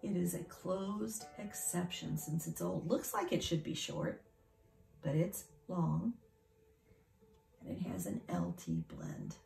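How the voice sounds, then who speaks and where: A woman's voice: fairly low pitch, big pitch swings, takes it slowly, vocal fry, dark tone, soft background music. A woman teacher giving a phonics lesson to young children, speaking patiently, sounding out the parts of words and sometimes dropping to a whisper.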